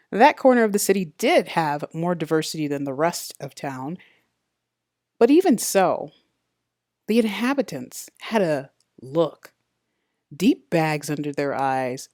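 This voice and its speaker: A woman reading a first-person detective novel aloud in a steady, matter-of-fact way. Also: fairly low pitch, dry recording, studio quality. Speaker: audiobook narrator. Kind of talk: first-person audiobook narration.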